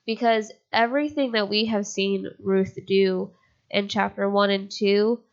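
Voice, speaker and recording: A woman's voice: medium pitch, steady tone, a little slow, dull audio. A congested, slightly breathless woman co-hosting a casual Bible study podcast, chatty and upbeat with a lot of "like". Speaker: podcast co-host. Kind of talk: casual Bible study chat and reading aloud.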